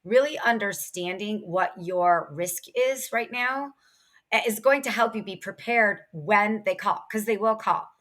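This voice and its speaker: A woman in her thirties from Ohio, a sales expert and author, speaking as a guest in a casual, energetic podcast chat. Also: mid-range voice. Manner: energetic, quick, chatty with laughs.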